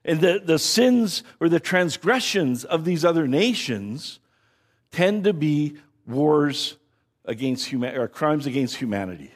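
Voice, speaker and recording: Husky man giving a casual lecture. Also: on the high side, big pitch swings, unhurried. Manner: conversational, checks in with listeners with "right?"; frequent restarts and repeated words. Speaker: Bible teacher.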